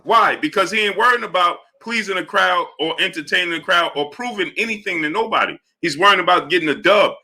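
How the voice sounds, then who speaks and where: A man running a live boxing stream, his voice bright and sharp and pitched a little high for a man. He rattles off analysis in an animated way, punctuating it with "right?" and "you understand?", then drops into low mumbled shout-outs to viewers. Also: fairly quick, hardly any pauses. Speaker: livestream host.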